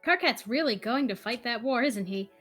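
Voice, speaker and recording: A calm, wistful troll girl muses softly, as a woman reads her. Her voice is very high and bright, with lively pitch. Faint music sits behind it. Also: normal speed. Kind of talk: casual fan read-along of a web comic.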